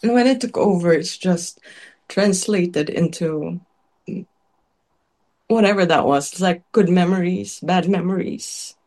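A chef being interviewed shares her life story in a loose, chatty manner, her somewhat low, slightly mellow voice unhurried and full of pauses. She peppers her speech with "like" and "um," laughs lightly between phrases, and her voice wavers at times as she grows tearful.

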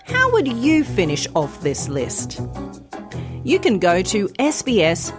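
A woman teaching English pronunciation in a scripted lesson, enunciating each word slowly and clearly. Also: medium pitch, wildly swooping pitch, over music. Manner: slow, clear, deliberate enunciation.

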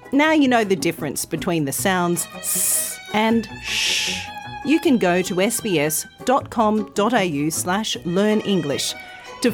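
A woman hosting a podcast, giving a clear, carefully articulated English pronunciation lesson. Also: mid-range voice. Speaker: language podcast host.

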